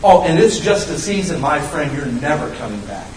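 Man preaching, animated, loud bursts then hushed, fairly high voice, roomy echo, mic a bit far off. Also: moderate pace, a little hiss or hum. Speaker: pastor. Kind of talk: sermon.

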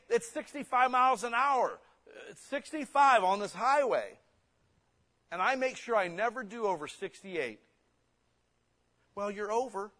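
A man preaching a sermon, blunt and forceful, slipping into quick mimicked excuses. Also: high voice.

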